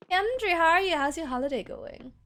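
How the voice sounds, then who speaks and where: Extremely high-pitched, fast, and animated, with a slightly bright tone, a young woman chats casually while streaming a game. She giggles, sometimes switches between English and German, and faint game music runs in the background.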